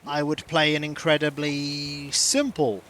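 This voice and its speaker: A streamer casually commenting on gameplay, playful, with quiet asides. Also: mid-range voice, a little slow, a little hiss or hum. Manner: playful, animated, drops to soft asides.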